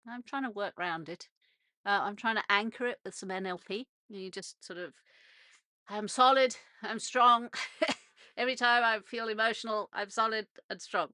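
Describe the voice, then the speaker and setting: Her voice sits a little high, pushed and bright, captured in a dry, studio-quality recording. She's a British radio host rambling casually through a monologue from a narrowboat on a canal, restarting often and laughing a little.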